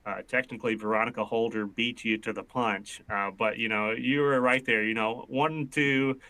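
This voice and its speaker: A man hosting a live online panel discussion, relaxed and chatty as he talks to the guests. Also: mid-range voice, moderate pace, dry recording, rough recording. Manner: relaxed and chatty, says "brother". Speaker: panel host.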